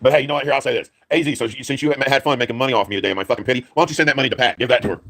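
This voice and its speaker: A man tearing through a furious, profane rant at breakneck speed. He curses constantly, circles back to the same complaints, and never slows down. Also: medium pitch, fairly bright tone. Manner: profane, heated, repetitive. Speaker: live streamer. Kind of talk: angry rant.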